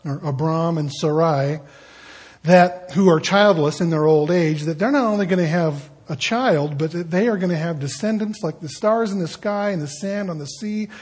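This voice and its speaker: A man's voice: on the high side, normal speed, darkish tone, husky. A man preaching a casual sermon, telling stories and acting out the people in them. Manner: conversational storytelling, acting out quoted voices. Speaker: pastor.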